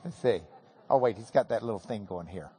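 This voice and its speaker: A man teaching a Bible class, telling an animated, self-deprecating story. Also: lowish voice, fairly quick, slight background noise. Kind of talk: storytelling lecture. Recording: hall with long reverb.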